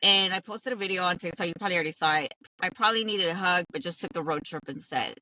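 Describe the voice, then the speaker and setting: A woman's voice: fairly low pitch, fast, pushed and bright, no room sound, distant mic, lo-fi sound. A young adult woman hosting a podcast, talking bluntly in a casual monologue, swearing often and repeating herself for emphasis. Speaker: podcast host.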